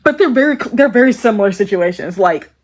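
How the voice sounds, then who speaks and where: A woman's voice: medium pitch, lively intonation, fast talker. Chatty young woman recapping a show. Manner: chatty, frequent "like" and "um", bursts of laughter, mock-quoting characters. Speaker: commentary video host. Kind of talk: casual recap commentary.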